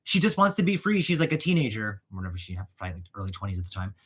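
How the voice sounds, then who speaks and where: A man hosting his own channel, chatting casually while wrapping gifts, animated and prone to going off on rants and tangents. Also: lowish voice, racing, slightly rough. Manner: animated, ranting, goes off on tangents. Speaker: channel host.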